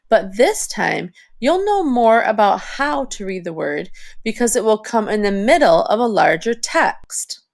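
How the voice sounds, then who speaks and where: A woman teacher giving a recorded reading lesson, speaking in a clear, deliberate classroom manner and addressing her students directly. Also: medium pitch.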